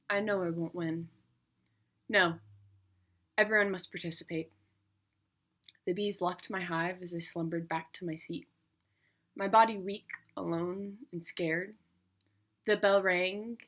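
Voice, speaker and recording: A young adult woman narrating her own digital story in a reflective, measured way. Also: lowish voice, a bit bright.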